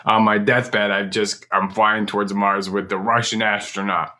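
A man's voice: lowish voice, level tone, moderate pace, bright, forceful tone. A man playing a dramatic dying astronaut. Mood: pleading. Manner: melodramatic pleading. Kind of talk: live improv scene.

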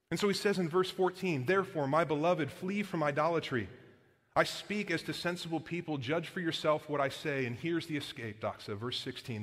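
A man preaches a sermon in a casual, earnest way, peppering his points with "like" and "guys." His voice sits a little high for a man. A long reverb from the church hall trails each phrase. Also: fairly bright tone. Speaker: pastor. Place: church sanctuary.

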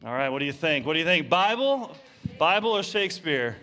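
Energetic male preacher, higher pitch, playful sermon delivery. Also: brisk. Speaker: pastor. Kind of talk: sermon with audience game.

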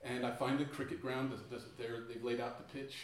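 A man telling a funny personal story on stage, self-mocking, with many halting restarts. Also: mid-range voice, little pitch movement, slight background noise. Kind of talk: live storytelling to an audience. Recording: echoey room, distant mic.

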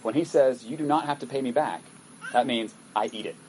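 A man's voice: mid-range voice, a little fast, a little mellow, slight background noise, rough recording. Conversational male pastor preaching. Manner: conversational, reads scripture aloud with acted asides. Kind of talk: sermon.

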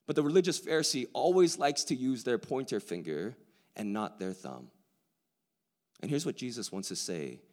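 Hundreds of listeners fill a large hall as a man preaches, his delivery shifting from almost whispering to loud excitement, sprinkled with casual slang. He speaks at normal speed with a medium-pitched voice.

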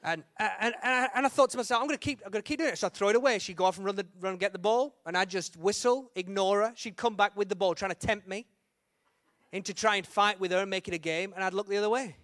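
A young man preaching a humorous sermon, telling a story with lively acted-out quotes and sudden shouts. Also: high-pitched, fast, dry recording, studio quality.

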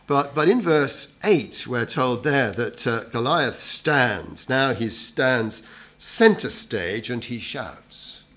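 A man walks his congregation through a Bible passage in a relaxed, conversational sermon. His pitch sits in an ordinary middle range, and he keeps turning to the listeners with rhetorical questions. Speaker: preacher. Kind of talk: expository sermon.

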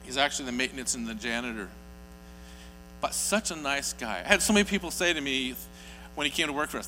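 Man, preacher, sermon, bright voice, slightly high, earnest and emphatic, reverberant hall. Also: expressive, quick pace. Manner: earnest storytelling, rising to emphatic peaks. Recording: hall reverb with faint mains hum.

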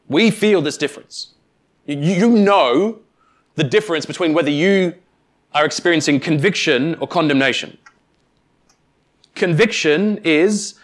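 A man preaching a sermon, speaking emphatically with deliberate pauses and addressing the congregation directly. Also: on the high side. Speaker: pastor.

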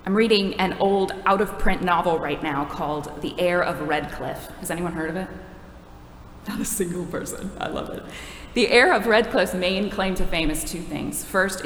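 A woman's voice: fairly low pitch, normal speed, a little hiss or hum. Wry woman preaching in an echoey hall. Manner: conversational, wry, self-deprecating. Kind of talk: sermon.

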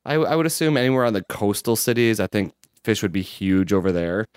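A man's voice: on the low side, a little fast, clear, resonant tone, dry recording, clean studio sound. A young man hosting a casual podcast, rambling playfully with many restarts and fillers. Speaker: podcast host. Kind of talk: casual chat.

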